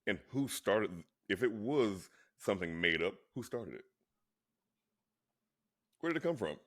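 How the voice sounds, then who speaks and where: A man with a very low voice talks in a casual chat. He argues his point insistently and often restarts or repeats his words. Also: a little slow. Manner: insistent, animated when arguing. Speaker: co-host.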